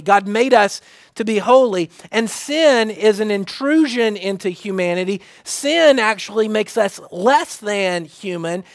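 A middle-aged pastor delivers a sermon in a fairly high voice, hammering home his points through repetition. The sound is dry and close, with no room echo. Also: fairly bright tone. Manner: repetitive preaching cadence, restarts.

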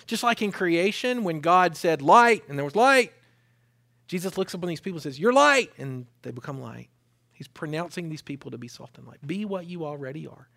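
A man preaching a sermon as pastor, animated, with rising pitch and volume. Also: brisk, vocal fry, hardly any pauses.

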